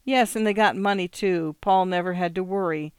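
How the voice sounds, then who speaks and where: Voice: medium pitch, moderate pace, clean tone, no room sound, clean studio sound, natural voice. A narrator voicing a nervous young farm woman who pleads and rambles, in an audiobook reading. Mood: pleading. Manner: earnest, anxious, rambling.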